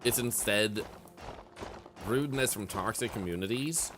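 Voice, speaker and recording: A man's voice: lowish voice, measured pace. A man streaming a game, chatting casually and reflectively with viewers, with many "like" fillers. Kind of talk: casual live-stream chat. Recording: game music under the voice. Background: game music.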